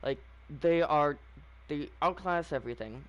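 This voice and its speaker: A man's voice: a little high, unhurried, dull audio. A man giving casual, opinionated commentary on a video game, rambling with frequent fillers and restarts. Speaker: gaming channel host.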